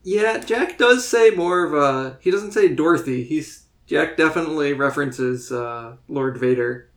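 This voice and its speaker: Playful man with a higher voice. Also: a little slow. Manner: playful, laughing. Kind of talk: casual podcast chat. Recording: roomy echo.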